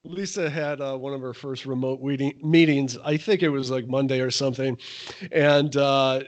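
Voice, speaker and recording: A man's voice: medium pitch, fairly even intonation, moderate pace. A middle-aged man co-hosting a podcast in casual chat, moving from stories to practical business tips. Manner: conversational, steers to practical tips. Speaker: podcast co-host.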